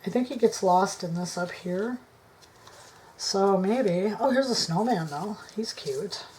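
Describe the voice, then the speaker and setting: A woman's voice: mid-range voice, animated, slow, a little hiss or hum. Woman musing aloud while crafting. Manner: musing to herself, indecisive, soft mutters. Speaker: craft vlogger. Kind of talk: casual crafting chat to camera. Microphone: camera on tripod.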